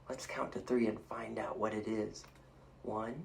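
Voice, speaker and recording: A man's voice: on the low side, measured pace, vocal fry, fairly bright tone, a little hiss or hum. A man reading a picture book aloud to children, playfully inviting them to make animal sounds along with him. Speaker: storytime reader.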